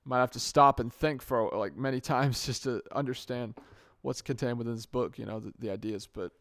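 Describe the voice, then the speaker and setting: A young podcast host speaks casually into a good microphone for a solo monologue, thinking aloud, rambling and correcting or restarting himself mid-sentence. His middle-pitched voice is a bit bright at a moderate pace, and the dry sound has no room echo.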